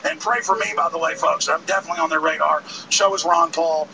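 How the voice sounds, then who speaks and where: A man's voice: fairly high pitch, fairly even intonation, fast talker, creaky. A man hosting a live broadcast outdoors by a road, with an impassioned, ranting, emphatic delivery. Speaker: host. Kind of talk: fiery outdoor protest broadcast. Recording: distant mic, loud street noise.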